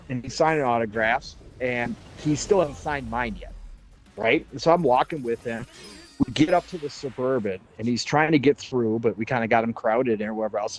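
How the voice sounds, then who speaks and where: A man telling a story in animated, casual chat, swearing and laughing as he goes. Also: medium pitch, a little fast, soft background music, rough recording. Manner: excitable, swears and laughs a lot. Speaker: podcast panelist.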